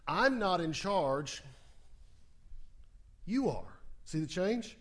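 A male pastor preaching a Sunday sermon, acting out quotes and asking his congregation questions. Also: high-pitched.

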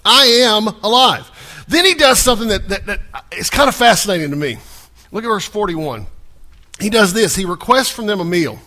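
A man preaches from the pulpit in a high, bright voice. His delivery is conversational and folksy, and he stumbles and repeats small words as he restarts his thoughts. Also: very animated, brisk. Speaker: pastor. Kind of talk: sermon.

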